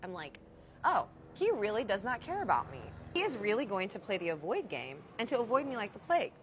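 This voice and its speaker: Animated young woman telling a story. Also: mid-range voice, fairly quick, slight background noise. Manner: animated, emphatic, acts out quotes. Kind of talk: casual storytime vlog.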